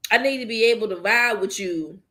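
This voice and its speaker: A woman's voice: mid-range voice, brisk, sharp tone. A woman hosting a podcast in casual group chat, blunt and joking, often laughing. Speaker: podcast host.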